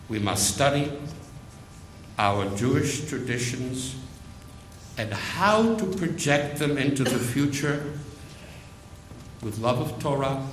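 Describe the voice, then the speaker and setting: Slow, emphatic preacher man in echoey room. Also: medium pitch, fairly bright tone, slight background noise. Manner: slow, emphatic, repeats phrases. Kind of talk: sermon.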